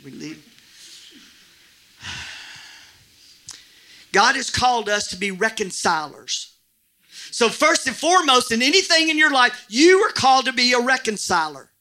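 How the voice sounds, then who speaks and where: A middle-aged pastor preaching in a church. His voice sits high for a man and rings bright and forceful. He jokes with the room and breaks into shouts. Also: unhurried, pauses often. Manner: animated, jokey preaching with bursts of shouting. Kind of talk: sermon.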